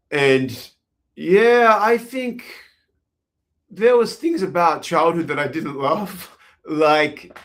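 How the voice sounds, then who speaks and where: A man's voice: medium pitch, a bit bright. A man with an Australian accent from the west coast, chatting as a musician guest in an interview, easygoing and rambling with small laughs between thoughts. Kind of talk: casual interview chat.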